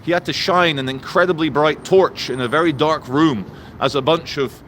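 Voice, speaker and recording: Excitable man livestreaming outdoors. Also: a little high, normal speed. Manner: excitable, lively greetings to chat viewers. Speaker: livestream host. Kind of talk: live-streamed political rant. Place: outdoors in a town. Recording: faint outdoor traffic noise.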